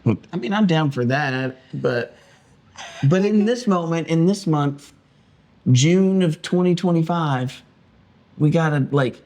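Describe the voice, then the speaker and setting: A man's voice: fairly high pitch, animated, measured pace, a little mellow. A man, a pastor, co-hosting a casual podcast chat with a joking, playfully defensive manner.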